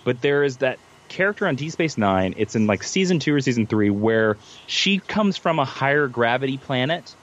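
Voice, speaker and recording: A man with an animated, expressive voice chats as a military veteran guest. He thinks aloud as he goes and keeps restarting and repeating words. The recording is lo-fi and muffled. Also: medium pitch, moderate pace, hardly any pauses. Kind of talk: casual chat.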